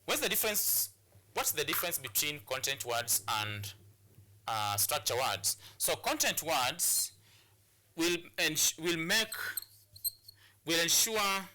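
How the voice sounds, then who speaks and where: Bright-voiced Kenyan English teacher. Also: male voice, fairly high pitch, very animated, slow, slight background noise. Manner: repetitive, restarts phrases, drills words aloud. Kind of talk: classroom lesson on English stress. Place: studio or classroom for educational broadcast.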